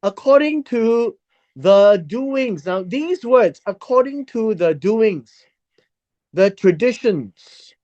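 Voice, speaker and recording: Slow, lively-pitched Bible teacher. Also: dull audio. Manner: reads verses aloud and explains them word by word.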